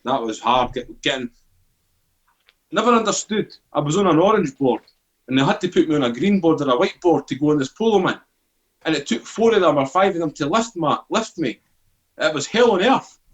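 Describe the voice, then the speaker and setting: A man's voice: on the high side, fairly quick, muffled recording. A Scottish man in his forties, a podcast guest telling a story in casual, swearing talk and acting out what people said. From Scotland. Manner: swearing, animated, acts out quoted dialogue.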